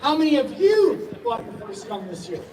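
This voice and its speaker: A man speaking as an attorney guest at an outdoor rally, measured and addressing the crowd directly. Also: extremely high pitch, sing-song, darkish tone. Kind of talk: formal rally speech. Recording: echoey PA sound from far off with crowd.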